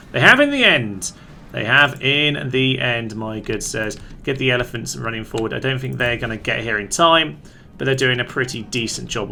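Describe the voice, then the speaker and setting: A man's voice: medium pitch, sharp tone, a little hiss or hum. Chatty man narrating a strategy game. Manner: chatty, upbeat, talks to his units. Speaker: gaming channel host.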